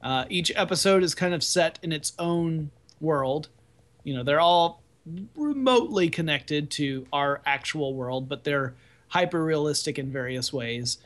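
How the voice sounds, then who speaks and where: A man's voice: a little high, a little slow, fairly bright tone. Laid-back joking podcast guy. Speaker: podcast co-host. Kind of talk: casual chat about TV shows.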